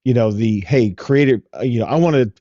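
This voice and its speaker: A man co-hosting a tech podcast in casual, relaxed chat, rambling with fillers. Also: mid-range voice, brisk, dry recording, lo-fi sound. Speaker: podcast co-host.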